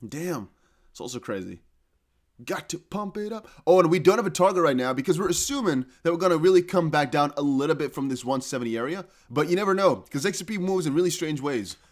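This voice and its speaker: Hyped crypto streamer man, lively pitch. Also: quick pace. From Netherlands. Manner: hyped, laughing, breaks into chanting. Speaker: crypto live stream host. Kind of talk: excited live stream commentary.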